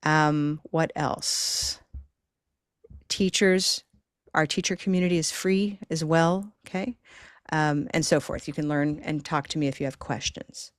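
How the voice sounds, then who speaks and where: Low-voiced upbeat woman teaching a class. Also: fairly even intonation, measured pace, no room sound, studio quality. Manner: upbeat, encouraging, chatty. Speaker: pronunciation teacher hosting a live online session. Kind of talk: live online class talk.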